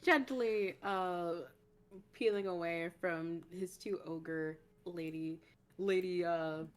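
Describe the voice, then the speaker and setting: A woman runs a tabletop game as its game master. Her voice sits slightly low and her narration pauses often with fillers. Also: clear, resonant tone. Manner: halting, filler-heavy narration.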